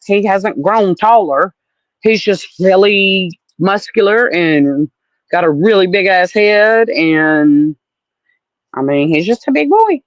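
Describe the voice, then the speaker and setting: A Southern woman with an Alabama accent talks straight to her livestream viewers, blunt and salty, calling everyone honey. Her voice sits in a mid range. The sound is dry and a little dull, like a low-fi setup. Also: expressive, takes it slowly, no echo. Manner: chatty, blunt and salty, calls people honey. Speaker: livestream host. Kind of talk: casual livestream chat with viewers.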